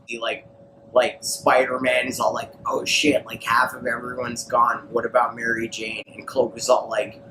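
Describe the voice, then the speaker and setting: A man's voice: medium pitch, little pitch movement, sharp tone. Tipsy man rambling a comic recap. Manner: loose, slangy, full of "like", acts out characters with quick voices. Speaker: podcast co-host retelling a comic. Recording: roomy echo, clear background noise.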